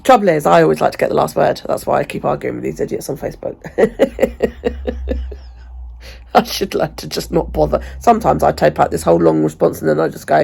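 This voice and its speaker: A woman's voice: sits low, animated, a little fast, gravelly, a little mellow, breathy edge. A woman vlogging at home in casual chat, ranting chattily and swearing freely.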